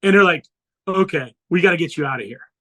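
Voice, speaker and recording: A man with a high, bright voice tells a personal story as a podcast guest. He speaks earnestly and slips into the voices of the people he quotes. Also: lively intonation, fast, low-quality recording.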